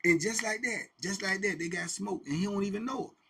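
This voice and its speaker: A middle-aged man casually telling a prison story, animated, with sound effects and quoted voices. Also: high voice, fairly quick, vocal fry, husky. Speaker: host telling prison stories.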